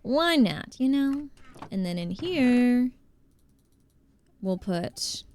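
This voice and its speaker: A woman's voice: a little high, big pitch swings, extremely slow, a little mellow, slight background noise. A woman from New Jersey with a New Jersey accent, chatting casually with viewers while she plays a game on a live stream. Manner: chatty, reads chat aloud and greets viewers.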